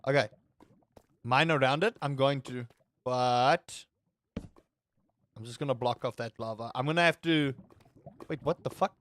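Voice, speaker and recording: A man's voice: mid-range voice, unhurried, pauses often, a bit bright, a little hiss or hum. A man streaming a game with casual, chatty commentary, joking and swearing freely as he talks to his viewers. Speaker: gaming streamer.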